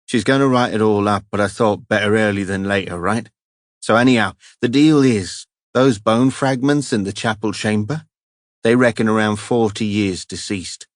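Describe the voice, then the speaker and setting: A man voicing a gruff, cheerful police sergeant leaving a breezy, slangy phone message in an audiobook. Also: lowish voice, moderate pace, no echo, clean studio sound, natural voice. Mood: chatty. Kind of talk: audiobook character voice.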